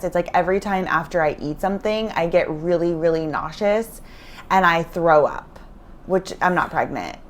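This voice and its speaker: A woman co-hosting a podcast in casual chat, talking loosely with lots of "like" and casual swearing, recorded in a hotel room while feeling sick. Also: on the low side. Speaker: podcast co-host.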